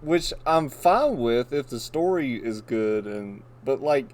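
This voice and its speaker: A man's voice: medium pitch, animated, slow, darkish tone, a little hiss or hum. A man in casual chat, skeptical and argumentative, chiming in with short remarks. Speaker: podcast co-host.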